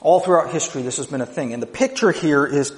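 In a large church hall, a pastor preaches a sermon in an emphatic yet conversational way, often checking in with the congregation. His voice is a little high and his pace is quick.

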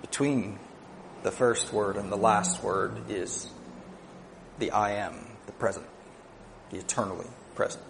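A man preaching a sermon, moving between quiet, low asides and raised, emphatic declarations, with conversational "right?" asides. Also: fairly even intonation, a little slow, creaky, long pauses, slight background noise.

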